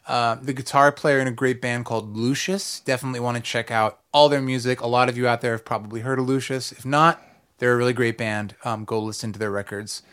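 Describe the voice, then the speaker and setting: A man's voice: mid-range voice, steady tone, fairly quick, fairly bright tone, smooth. A man hosting a podcast, chatting casually from a recording studio with a rambling, filler-heavy way of talking. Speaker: podcast host. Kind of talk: casual chat.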